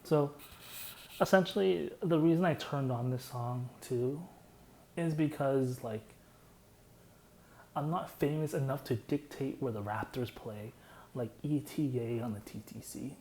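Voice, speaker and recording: A man's voice: mid-range voice, unhurried, dark tone, slight background noise, poor audio. A young man casually explaining his own song in a loose, rambling way, full of "like" fillers.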